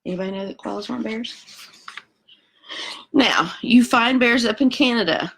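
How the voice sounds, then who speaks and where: Chatty woman teacher with a creaky voice. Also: fairly high pitch, moderate pace, fairly bright tone. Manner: chatty, many ums, talks to kids and parents. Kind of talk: read-aloud lesson for kids.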